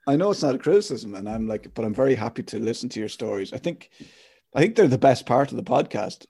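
A man's voice: medium pitch, animated, fast, gravelly, mellow, husky. A man hosting a casual podcast chat, teasing and laughing easily. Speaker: podcast host.

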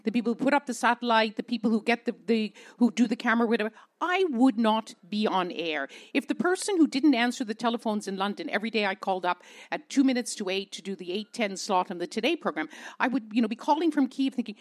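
A Canadian woman journalist telling stories on a panel, expressive, repeating words for emphasis. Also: a little high, fast talker. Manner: expressive, repeats words, acts out quoted voices. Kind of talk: animated storytelling on a panel.

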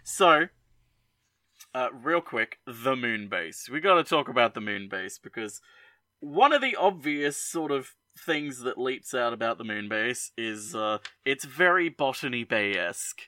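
A man co-hosting a podcast, talking in a rambling, halting way with lots of fillers. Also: medium pitch, sing-song, sharp tone, no room sound. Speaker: podcast co-host. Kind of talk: casual podcast chat.

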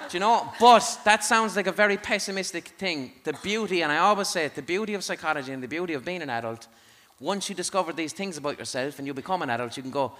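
A man's voice: a little high, lively intonation, fast, few pauses, a bit bright. A man hosting a live podcast on a theatre stage before an audience, sweary and jokey. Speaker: podcast host.

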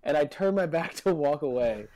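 Man, fairly high voice, casual podcast chat, rambling, laughs a lot. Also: expressive, normal speed, crowd noise. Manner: rambling storyteller, laughs often.

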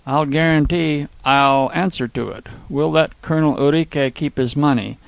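A man voicing a calm, cocky young Texan outlaw who talks in a slow cowboy drawl. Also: on the high side, gravelly, no room sound. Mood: cool.

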